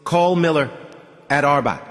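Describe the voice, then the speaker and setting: A young man in his twenties played by a male audiobook reader presses his point urgently and insistently. His voice sits a little higher than the narration. A long reverb trails behind every line. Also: a little slow, a bit bright. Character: young male wanderer, tense and pleading.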